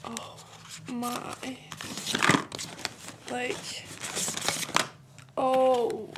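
A young woman talks slowly through a vlog unboxing, her voice sitting a little high. She gushes and giggles often, with many fillers. Noise and paper crinkling are clear behind her. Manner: gushing, giggly, lots of fillers. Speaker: beauty vlogger.

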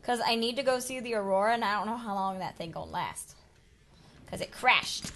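A young woman hosting a casual let's play, excitable and talking to game creatures as she plays. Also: medium pitch, brisk, slight background noise. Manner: excitable, talks to game creatures, jumps from whispers to yelps. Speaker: gaming channel host.

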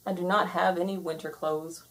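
A woman's voice: lowish voice, steady tone, normal speed, a bit bright, a little hiss or hum. A woman voicing a grumbling, stubborn male toad who would rather stay in bed, in a storybook read-aloud. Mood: grumpy. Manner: grumbling, reluctant, complaining.

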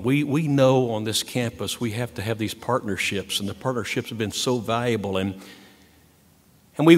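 An older man, a university president, giving an earnest, emphatic ceremonial speech at a podium and repeating key words for weight. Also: mid-range voice. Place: large hall. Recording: long hall reverb.

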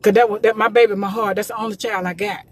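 A fast-talking woman with a medium-pitched, fairly even voice streams live from her phone in a roadside car, pushing gospel quartet music. She's from Columbus, Georgia, emotional to the point of tears, and her talk is emphatic, preachy, and repetitive.

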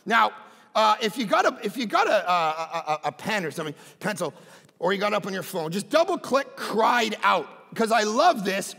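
A middle-aged man preaching a sermon as pastor, often breaking into shouts. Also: high voice, very animated, moderate pace, vocal fry, long reverb tail.

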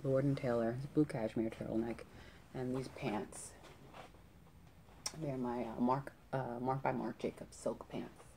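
A woman's voice: rumbling low, steady tone, measured pace, mellow, slight background noise. A young woman vlogging her outfits in casual chat, annoyed and ranting, with many fillers and restarts.

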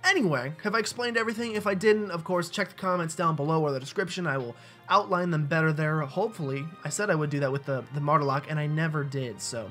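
A man's voice: on the high side, fast, pushed and bright, faint music behind. Give me a rambling young gamer guy. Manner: rambling, joking, lots of fillers. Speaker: let's play gamer. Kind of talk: casual game commentary.

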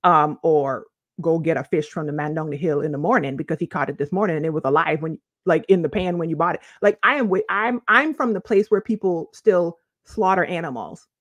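A woman's voice: low-pitched, brisk, no echo. A woman from the Virgin Islands, a life coach, giving emphatic advice straight to camera in a chatty vlog, repeating her key points.

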